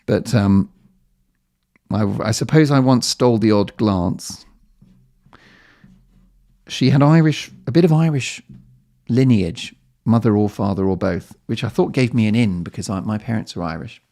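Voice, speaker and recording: A man's voice: fairly low pitch, a little slow, long pauses, mellow. A middle-aged man hosting a solo podcast, telling stories in a chatty, self-mocking way with playful asides. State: slightly lightheaded. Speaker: podcast host. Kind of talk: casual solo podcast monologue.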